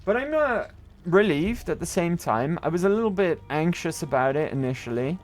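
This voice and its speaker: A man's voice: on the high side, expressive, normal speed, soft background music. A man chatting and joking loosely while streaming a video game, rambling and swearing now and then. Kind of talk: casual gameplay commentary.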